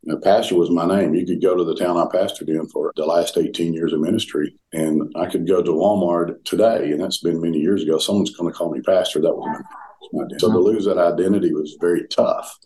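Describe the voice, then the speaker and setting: A very deep-voiced older man with a Southern US drawl, speaking as an interview guest. He tells his story earnestly, often stopping to restart a phrase. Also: fairly even intonation, mellow. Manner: earnest, halting with frequent restarts. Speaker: guest, former pastor.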